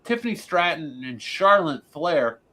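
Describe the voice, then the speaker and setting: A man's voice: a little high, big pitch swings, unhurried, sharp tone. A man co-hosting a casual wrestling podcast, blunt and sarcastic as he runs through lists of matches. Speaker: podcast co-host. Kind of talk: casual wrestling recap chat.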